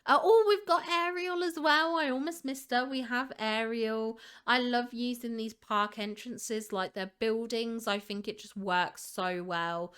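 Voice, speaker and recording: A woman's voice: a little high, steady tone, measured pace, few pauses, a bit bright, smooth. A woman hosting a gaming channel, gushing in casual commentary over fan screenshots with a lot of "like" fillers. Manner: gushing, enthusiastic, leans on filler "like".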